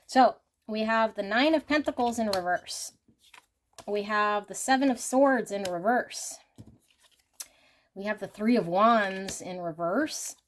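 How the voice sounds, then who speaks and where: A woman reads tarot cards for her viewers in an earnest, heartfelt way. Her voice sits at a middle pitch. She often lets her voice sink to a hushed tone as she speaks directly to the people watching. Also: takes it slowly, a little hiss or hum. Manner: talks directly to viewers as "you guys". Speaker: tarot reader. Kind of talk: intuitive tarot reading.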